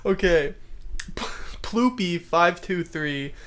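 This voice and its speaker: Amused, fairly high-voiced man. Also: animated, takes it slowly, a bit bright. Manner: amused, chuckles often, sarcastic asides. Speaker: YouTube commentator. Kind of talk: casual comedic commentary reading comments.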